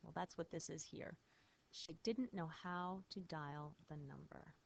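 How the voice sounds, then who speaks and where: A woman teacher explains French phrases patiently in a recorded lesson. Her voice sits fairly low, and she spells words out letter by letter. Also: a little slow, vocal fry, a little hiss or hum.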